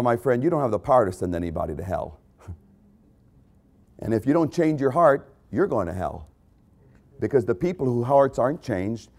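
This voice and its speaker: A man preaching a sermon as pastor, repeating key phrases and swinging between loud emphasis and hushed drops. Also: mid-range voice.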